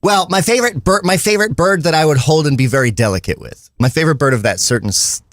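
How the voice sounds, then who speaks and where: Male co-host, mid pitch, very animated delivery, loose and joking, dry studio sound. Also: fast, no echo. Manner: scattered, joking, reads chat aloud. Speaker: podcast co-host. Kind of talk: casual morning livestream chat.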